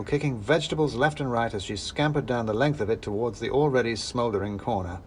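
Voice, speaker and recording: A man's voice: mid-range voice, quick pace, hardly any pauses, slight background noise. A man narrating a fantasy story in the first person with wry, dry humor. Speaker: narrator and author-reader.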